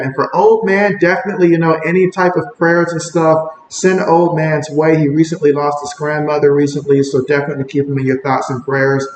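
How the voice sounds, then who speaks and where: Man calling a game in an echoey room. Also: on the high side. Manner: reads viewer comments aloud, rises with excitement on plays. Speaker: livestream sports host. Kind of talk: casual play-by-play and chat reading. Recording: echoey room with faint ambient noise.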